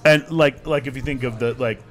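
A man hosting a casual chat show, talking in a relaxed, halting way with many fillers and restarts. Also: mid-range voice. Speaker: podcast host.

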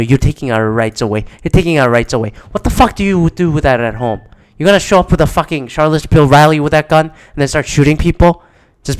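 A man's voice: fairly high pitch, clear, resonant tone. A man in a casual, rambling monologue, exasperated and swearing often.

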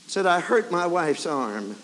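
A man preaching a revival sermon, telling a story and building to fervent shouts. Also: a little high, big pitch swings, a little slow. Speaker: evangelist preacher. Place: large camp meeting hall or tabernacle. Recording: 1990s camp meeting tape, hall reverb, faint hiss.

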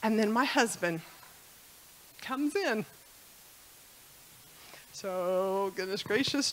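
At a church service, a woman tells a personal story in a chatty, emotional way with many fillers, close to tears at times. Her slightly high, expressive voice is slow with long pauses and a fairly bright tone, and the poor audio has music playing behind her.

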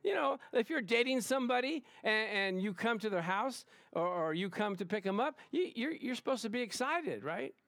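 A male pastor preaching a lively sermon to his congregation, emphatic and excitable, often calling out "Amen?". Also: high-pitched, normal speed, hardly any pauses, no echo. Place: church service in front of a congregation.

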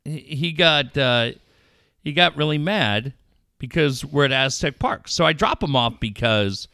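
A middle-aged man telling a story in casual chat, animated and crude. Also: fairly high pitch, a little slow, no echo, clean studio sound.

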